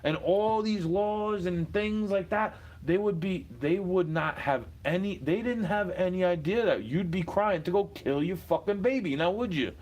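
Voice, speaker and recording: Man ranting, somewhat high voice. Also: unhurried, hardly any pauses. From United States. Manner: combative, swings from muttering to shouting. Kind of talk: profane ranting monologue.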